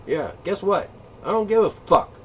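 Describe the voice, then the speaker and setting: Profane ranting man with lively pitch. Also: normal speed. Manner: profane, combative, mocking. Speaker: host of a monologue channel. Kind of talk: ranting monologue. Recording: distant mic, faint background noise.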